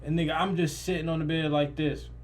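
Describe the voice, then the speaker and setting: Young guy telling a crazy story, kinda high voice, gets loud and animated when he quotes people. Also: quick pace. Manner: animated, swings loud and high in quoted lines, swears freely.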